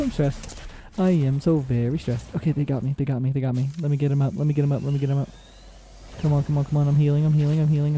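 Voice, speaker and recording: A man giving excitable, casual commentary on his own gameplay, repeating short phrases and shouting in tense moments. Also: mid-range voice, a little hiss or hum. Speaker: gaming channel host.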